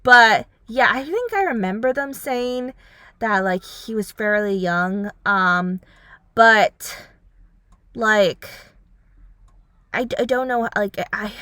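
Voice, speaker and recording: A woman's voice: mid-range voice, measured pace, clean tone, no room sound. A young woman vlogger reviewing a series in a rambling casual chat, full of "like" and "um", acting out lines as she goes. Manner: rambling, heavy on fillers like "like" and "um"; animated, acts out characters' lines.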